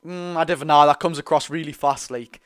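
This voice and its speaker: A young man with a Geordie accent hosting a live football watch-along, chatty and excitable, bursting into loud reactions. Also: fairly high pitch, fairly quick. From North East England. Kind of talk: live fan commentary.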